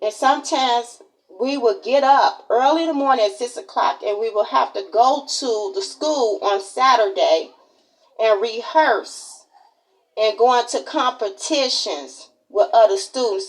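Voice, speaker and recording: A woman in her forties with a Chicago accent, telling stories straight to her viewers. Her voice sits fairly high, and she talks in a casual, chatty way. She often says the same thing twice. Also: unhurried, rough recording. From Chicago, Illinois, USA. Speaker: vlogger. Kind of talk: casual personal storytelling to camera.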